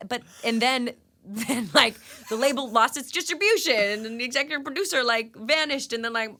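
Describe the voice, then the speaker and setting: Bright, animated woman telling stories. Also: fairly high pitch, moderate pace. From New England, US. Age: 30s. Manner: animated, laughing, lots of "like" fillers. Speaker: guest singer. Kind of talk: casual interview storytelling. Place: radio studio.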